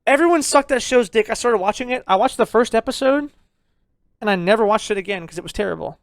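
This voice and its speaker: Very high-pitched and fast, with big pitch swings, a young man co-hosting a podcast delivers a casual, ranting review. His loud, jokingly abrasive style includes free swearing and teasing of listeners, and the close, dry recording has no room sound.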